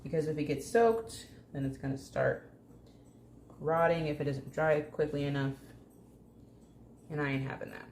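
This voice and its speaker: A woman's voice: sits low, moderate pace, long pauses, a little mellow. A woman hosting a casual home plant-care vlog, chatty and jokey, talking to her plants as she works. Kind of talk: casual hands-on vlog chat. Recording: echoey room with faint hum.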